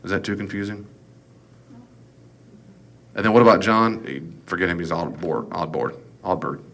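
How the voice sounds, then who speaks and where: A man's voice: deep voice, normal speed, a bit bright. A man giving a casual, folksy Bible class lecture, with jokes and asides. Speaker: Bible teacher.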